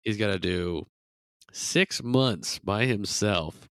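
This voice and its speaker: A man's voice: lowish voice, takes it slowly, fairly bright tone, clear, resonant tone, dry recording. A young man co-hosting a podcast in casual chat, laid-back, laughing often and swearing casually. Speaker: podcast co-host.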